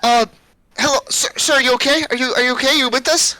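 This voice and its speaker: A man's voice: extremely high pitch, steady tone, fast talker, bright, forceful tone, voice pushed up, full character voice, poor audio. A man voicing a frightened ten-year-old human girl locked in a cage, stammering and repeating herself. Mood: anxious. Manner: hesitant, stammering, repeating words.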